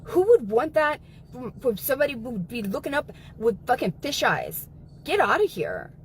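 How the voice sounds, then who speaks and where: Woman, livestream guest, heated and profane, higher-pitched, some faint noise behind. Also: lively intonation, normal speed, rough recording. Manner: angry, profane, emphatic.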